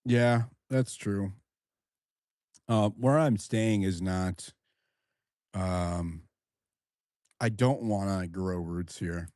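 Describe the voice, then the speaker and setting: A man hosting a casual audio chat room, talking haltingly with many restarts. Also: deep voice, darkish tone, no room sound, clean studio sound.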